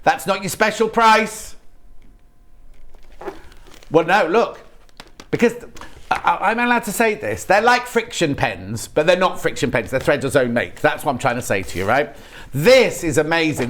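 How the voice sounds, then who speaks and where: A man's voice: a little high, expressive, moderate pace, a bit bright, a little hiss or hum. A British man presenting products on a live shopping channel in a TV studio, chatty and rambling, with frequent restarts.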